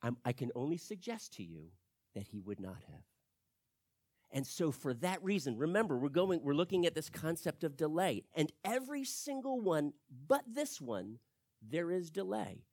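A man preaching an expository sermon, animated and acting out the people he quotes. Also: fairly high pitch, normal speed, no room sound, studio quality. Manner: animated, acts out quoted speech.

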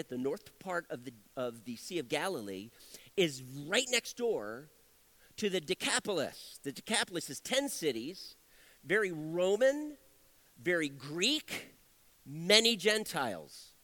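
A male pastor delivers a sermon in a high, lively voice. His delivery is animated and conversational, with frequent asides and self-corrections. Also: unhurried.

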